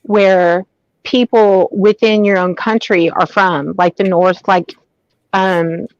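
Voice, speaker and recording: A woman's voice: mid-range voice, fairly even intonation, slow pace, no echo. A woman from Texas chatting casually and easygoing on a live stream. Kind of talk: casual chat. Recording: dull, dry sound.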